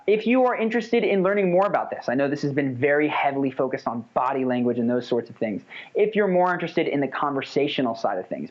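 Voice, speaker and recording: An energetic man leads an online lesson in a casual, conversational style. His voice sits at a middle pitch. The recording sounds slightly dull and lo-fi. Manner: energetic, conversational, demonstrates voice changes. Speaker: course instructor.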